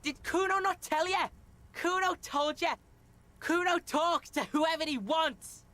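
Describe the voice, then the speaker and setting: A woman's voice: very high voice, unhurried, a bit bright, no room sound. A woman voicing a brash, foul-mouthed young boy in a video game, crude and swaggering, talking about himself in the third person. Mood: cocky.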